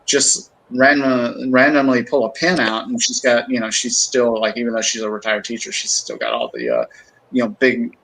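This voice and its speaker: Middle-aged guest on a livestream, chatty storyteller, loose and rambling. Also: male voice, medium pitch, expressive, normal speed, creaky, a bit bright, poor audio. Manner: rambling storyteller, many fillers and restarts. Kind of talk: casual livestream chat.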